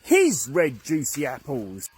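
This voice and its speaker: A man narrating a children's story in an animated, expressive way. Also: medium pitch, slow, breathy edge.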